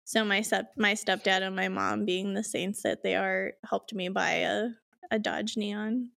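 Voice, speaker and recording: A woman's voice: medium pitch, steady tone, gravelly, a bit bright. A woman in casual podcast chat, telling a story with frequent laughter. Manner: laughing storyteller, quick giggles.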